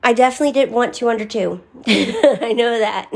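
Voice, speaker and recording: A woman's voice: a little high, normal speed, gravelly. A young woman talking candidly on a live stream, answering viewers by name in casual chat.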